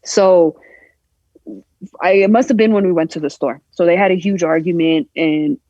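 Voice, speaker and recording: A woman guest on a podcast, candidly telling a personal story in a halting, emotional way, acting out the voices she quotes. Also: fairly low pitch, dark tone, no room sound. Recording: dull lo-fi sound.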